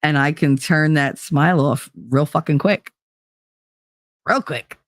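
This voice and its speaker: A woman's voice: deep voice, a little slow, dry recording, studio quality. Blunt, profane Jersey woman chatting live. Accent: New Jersey. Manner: blunt, profane, rambling and laughing. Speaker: livestream host. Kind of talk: casual chat with live viewers.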